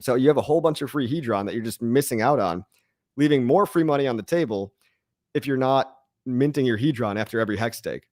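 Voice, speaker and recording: A man's voice: medium pitch, quick pace, a little mellow, no echo, studio quality. Rambling jokey man hosting a live stream. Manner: rambling, jokey, swears casually. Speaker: crypto live stream host. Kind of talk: casual live stream chat reading comments.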